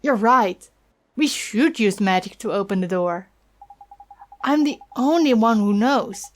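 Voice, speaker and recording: A woman's voice: mid-range voice, expressive, a little slow, lightly acted. A woman reading aloud as an earnest, determined young boy hero in a game. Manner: earnest, heartfelt.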